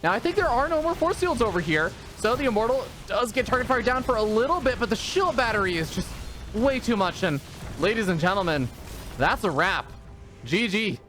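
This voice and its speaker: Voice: mid-range voice, expressive, fairly quick, fairly bright tone, soft background music. A caster giving live play-by-play and analysis of a strategy game match, talking through their thinking with frequent hedges. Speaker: esports caster.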